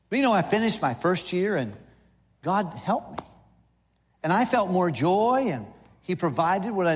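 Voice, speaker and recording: In a church sanctuary, a visiting missionary preacher in his sixties gives a folksy, humorous sermon full of lists and playful asides. His voice sits high, and it carries a big-room sound.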